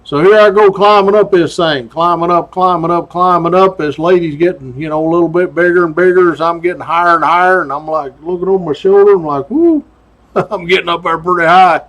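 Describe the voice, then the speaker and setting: A man's voice: sits high, steady tone, fast talker, few pauses, highs cut off. Folksy man spinning a yarn. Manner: folksy drawl with "doggone" and chuckles. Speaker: retired state trooper storyteller. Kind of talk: casual spoken storytelling.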